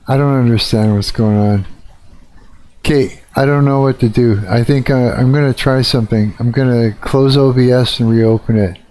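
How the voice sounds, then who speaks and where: A man's voice: mid-range voice, steady tone, moderate pace, mellow. A man live streaming, ranting and swearing in a casual chat with his viewers.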